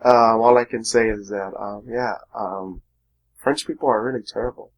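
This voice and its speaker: A man's voice: fairly low pitch, fairly even intonation, normal speed, rough recording. A man co-hosting a casual podcast, giving strong opinions in a rambling way full of ums and uhs. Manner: opinionated, rambling, many fillers. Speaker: podcast co-host. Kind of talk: casual chat.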